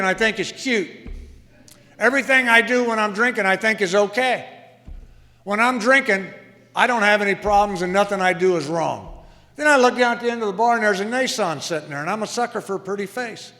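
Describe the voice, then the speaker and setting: A man's voice: sits high, bright, forceful tone. A man in his sixties telling his own story at a recovery meeting in a wry, self-deprecating way. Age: 60s. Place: meeting hall. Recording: long reverb of a meeting hall.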